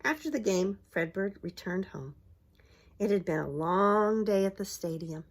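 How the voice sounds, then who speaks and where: In an expressive, unhurried voice of medium pitch, a middle-aged woman who runs a preschool reads a picture book to young children. She asks them questions and points to the pictures while showing the pages, going bright and exaggerated for lines meant to cheer.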